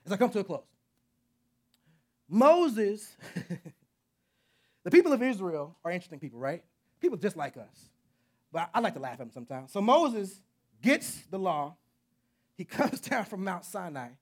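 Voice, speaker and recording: Lively, gravelly male preacher. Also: high voice, normal speed, long pauses. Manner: earnest, repeating himself, rising to emphatic peaks. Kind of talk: sermon.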